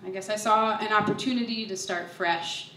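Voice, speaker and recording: A woman's voice: medium pitch, steady tone, normal speed, fairly bright tone, slight background noise. A young woman telling a personal story on stage, nervous and self-deprecating, laughing through her lines. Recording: echoey hall, voice from far off.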